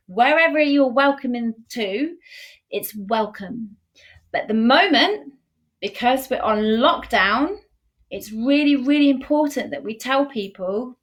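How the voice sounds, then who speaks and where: A woman teaching a beginner sign language lesson in a live stream, encouraging and repeating key phrases slowly and firmly. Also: on the high side, expressive.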